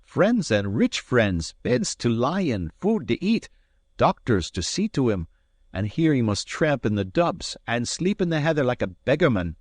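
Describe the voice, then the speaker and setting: A man reading an audiobook, voicing a cunning rogue who speaks in gruff, forceful bursts. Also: medium pitch, very animated, a little slow, dry recording, voice pushed up. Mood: sly. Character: roguish Scottish Highland man, fierce and cunning. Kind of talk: audiobook character voice.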